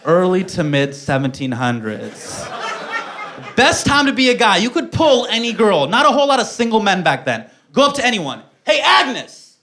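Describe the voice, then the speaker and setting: A man's voice: sits high, normal speed, some chatter behind. A young man performing a stand-up comedy set, telling self-mocking stories and acting out the dialogue. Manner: animated, self-mocking storytelling with acted-out dialogue.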